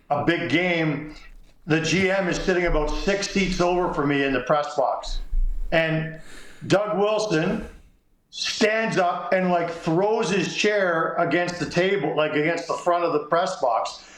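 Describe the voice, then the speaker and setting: A middle-aged man spins a lively anecdote, slipping into the voices of the people in it. His voice sits a bit high for a man, and the room around him rings with echo. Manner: animated anecdote telling, acts out quotes. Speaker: sports columnist guest. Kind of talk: casual storytelling.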